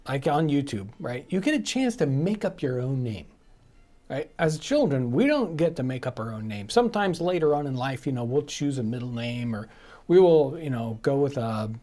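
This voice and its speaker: A man's voice: medium pitch, very animated, moderate pace, darkish tone. A man hosting a casual live stream chat, rambling along with restarts, fillers and laughs.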